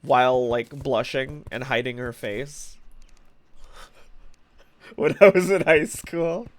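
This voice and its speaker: A man's voice: medium pitch, takes it slowly. A young man streaming live, chatting playfully with his viewers and laughing often. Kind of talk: casual live-stream chat.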